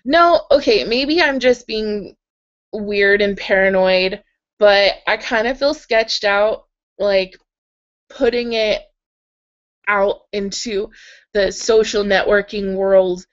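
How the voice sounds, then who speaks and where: A woman's voice: medium pitch, slow pace, muffled recording. A young woman hosting a casual live hangout from her bed, chatting and giggling through viewer comments with lots of "like"s, her throat a little sore. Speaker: livestream host reading viewer comments. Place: in bed at home.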